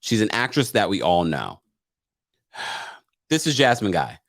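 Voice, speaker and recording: A man's voice: on the low side, wildly swooping pitch, measured pace, a bit bright. A man hosting a live recap stream, chatting casually, reading viewer comments and laughing between remarks. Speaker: live recap show host.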